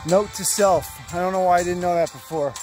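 A man's voice: sits high, fairly quick, music in the background. A man chatting to himself in a casual hiking vlog, rambling and joking as he walks a forest trail outdoors. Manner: rambling, joking self-talk. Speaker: vlogger.

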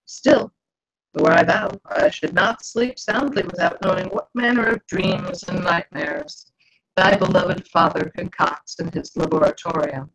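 A woman's voice: on the low side, steady tone, a little slow, vocal fry, a bit bright, a little hiss or hum. A woman author voicing a sly, coaxing male spirit who speaks in archaic, theatrical phrasing while reading her book aloud. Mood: brooding. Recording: dull lo-fi video call audio.

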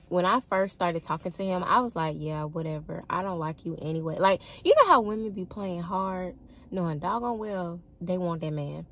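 A woman's voice: fairly low pitch, a bit bright. A young woman telling a dating story to her viewers in a casual, chatty way, often laughing and calling them y'all. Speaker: vlogger.

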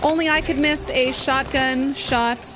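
A high-pitched woman playing through a video game, muttering her thoughts aloud and cursing as she goes. Faint game music runs underneath her voice. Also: fairly even intonation, measured pace. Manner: swearing, thinking aloud. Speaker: streamer. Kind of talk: casual gaming commentary.

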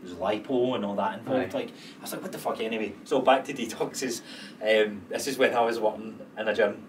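A man's voice: fairly low pitch, fairly even intonation, a little fast. A Scottish man co-hosting a podcast in casual chat. He swears freely and laughs as he talks. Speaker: podcast co-host. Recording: distant mic with clear background noise.

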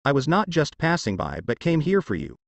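A man voicing a calm, earnest young male ninja hero who protects the innocent, in a story narration. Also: on the high side, brisk, gravelly, no echo, dull audio, full character voice.

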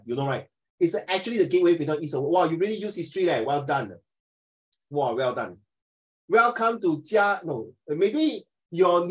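A man leading a classroom discussion, playful and lively, mixing English with Mandarin. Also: on the high side, poor audio. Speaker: teacher.

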